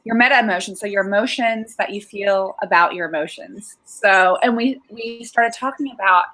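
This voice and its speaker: A woman's voice: medium pitch, normal speed, low-quality recording. A woman therapist chatting casually, explaining emotions in an easy, laughing way. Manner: warm, explanatory, laughs easily. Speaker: therapist guest. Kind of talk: casual chat.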